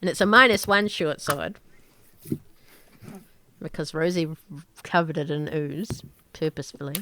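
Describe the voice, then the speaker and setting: A woman narrating as game master of an online tabletop game, laughing often between quick rulings. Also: sits low, bright, forceful tone, slight background noise.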